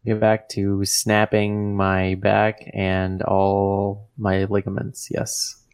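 A man's voice: fairly low pitch, monotone, takes it slowly, darkish tone, clear, resonant tone. A man co-hosting a podcast, chatting casually in rambling sentences full of "like". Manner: rambling, heavy on "like" fillers. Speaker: podcast co-host.

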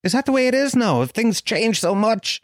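A man's voice: high voice, fairly quick, dry recording, clean studio sound. An Irish man in his forties with a Kerry accent, telling a profane, incredulous comic rant. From Ireland. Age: 40s. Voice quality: animated, incredulous, swearing freely.

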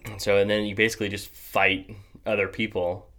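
A man's voice: fairly low pitch, flat delivery, fairly quick, fairly bright tone. A young adult man hosting a podcast in casual chat, rambling with many fillers and restarts and laughing often. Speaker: podcast host.

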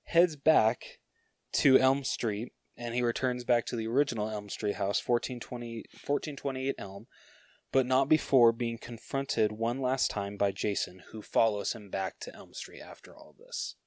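A man of middle pitch hosting a podcast, walking through a story idea in a relaxed chat. He stops often on "uh" and "so" as he searches for words. The recording is dry and close. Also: normal speed, no room sound. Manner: storytelling, hesitant with fillers. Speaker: podcast host. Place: podcast studio.

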